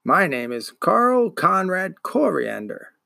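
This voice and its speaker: A man voicing a gruff, grumbling old male bookseller who smokes a pipe and dislikes children, speaking in a slow, disdainful growl. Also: sits high, sing-song, sharp tone, no room sound, studio quality, voice pushed up, exaggerated voice.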